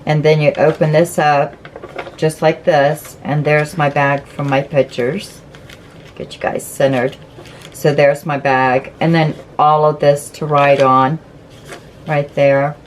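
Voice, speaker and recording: A woman's voice: deep voice, little pitch movement, slow pace, slight background noise, low-quality recording. A woman hosting a casual craft flip-through, chatty and gushing as she explains each step. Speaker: craft channel host.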